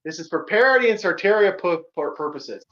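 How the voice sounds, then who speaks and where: A man's voice: high-pitched, animated, fairly quick, fairly bright tone, lo-fi sound. A man hosting a casual group voice call, loose and joking, swearing casually, recorded on a home computer mic. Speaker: host.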